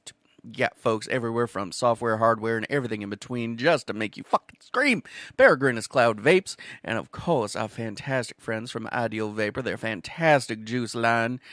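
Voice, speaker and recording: A man from Wisconsin hosts a cooking show on his own, rambling casually through crude, self-mocking jokes. His voice sits at an ordinary middle pitch. The sound is dry and close, with no room echo. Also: a bit bright. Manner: profane, jokey, self-mocking, prone to laughing and stammering.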